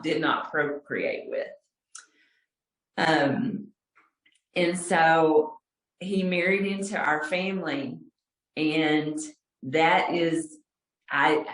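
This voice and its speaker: Slow-telling woman from Texas, echoey call. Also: low-pitched, far from the mic. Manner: unhurried, halting, with fillers and soft laughs. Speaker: storyteller. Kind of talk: personal storytelling. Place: home room on a video call. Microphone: video call mic, set back. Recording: roomy echo, voice off-mic.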